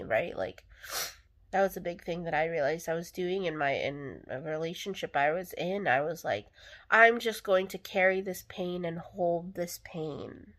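A woman's voice: fairly low pitch, fairly bright tone. A young adult woman hosting a casual solo podcast, talking candidly in a rambling way with lots of fillers. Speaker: podcast host.

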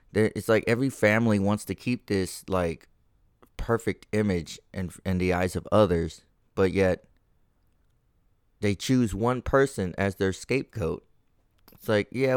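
A man's voice: low voice, a little slow, clean tone, no room sound, clean studio sound. A man hosting a casual solo podcast from home, ranting with lots of swearing and working himself up as he talks. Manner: profane, ranting, gets heated. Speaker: podcast host.

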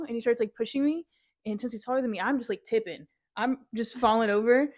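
A young woman telling a lively story in casual chat, laughing often and saying "like" a lot. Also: fairly high pitch, fast talker, no room sound, clean studio sound. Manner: animated, laughing storyteller, lots of "like".

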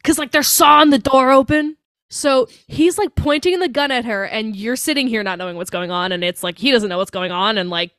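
A woman co-hosting a podcast, recapping a movie in casual chat, animated and laughing, with frequent swearing and filler words. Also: fairly high pitch, no echo, clean studio sound. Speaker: podcast co-host.

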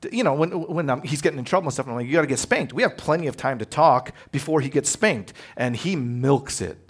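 A man preaching a sermon as pastor, animated and conversational, acting out quotes as he tells stories. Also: mid-range voice, fast, husky. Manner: animated storytelling, acts out quotes.

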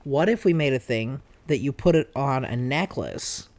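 A man's voice: medium pitch, animated, moderate pace, darkish tone. A man, a dad, hosting a casual podcast chat with his child, asking playful, goofy questions. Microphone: podcast microphone.

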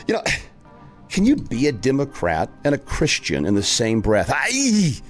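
A man's voice: mid-range voice, big pitch swings, normal speed, soft background music. Man, podcast host, political talk, rhetorical questions, emphatic, exclamations.

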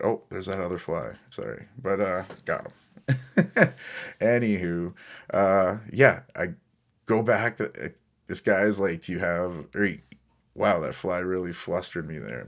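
A young man hosting a podcast and telling rambling, self-deprecating stories in a casual way, swearing now and then. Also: low-pitched. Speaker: podcast host. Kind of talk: casual storytelling.

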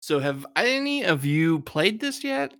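Hesitant soft-spoken man on a podcast. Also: sits high, big pitch swings, unhurried, no room sound, studio quality. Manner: soft-spoken, hesitant, many likes and ums. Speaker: podcast co-host. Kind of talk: casual chat.

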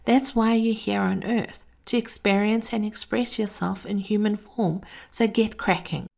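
A woman hosting a scripted motivational talk, speaking in a measured, earnest way and addressing listeners fondly. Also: mid-range voice, fairly even intonation, gravelly, a little mellow. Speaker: host.

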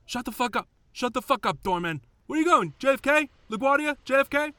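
A man putting on the voice of a belligerent male cab driver who shouts and hectors. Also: very high voice, steady tone, brisk, no room sound, pitched above the performer's own voice. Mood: hostile.

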